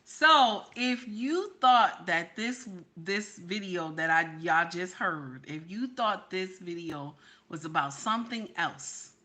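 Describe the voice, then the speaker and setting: A woman's voice: fairly low pitch, lively intonation, slow pace, pushed and bright. A woman hosting her own channel, giving sassy, preachy reaction commentary straight to her viewers. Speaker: channel host.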